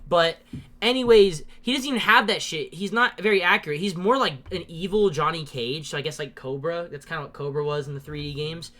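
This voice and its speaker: Podcast host, profane, excitable, laughs a lot, casual movie-review rant, mid pitch. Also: a little fast. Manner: laughs often while talking.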